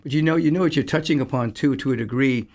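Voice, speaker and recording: A man hosting a podcast interview, adding measured, reflective comments. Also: mid-range voice, darkish tone. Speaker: podcast host.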